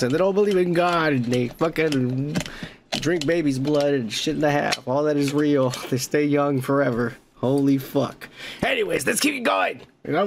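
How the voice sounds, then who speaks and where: A man with a fairly high voice hosts a comedy podcast and reads viewer comments aloud. He tells stories in a loose, casual way, swears freely and breaks into laughter often. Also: creaky, slight background noise. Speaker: podcast host reading comments. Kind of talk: casual profane storytelling.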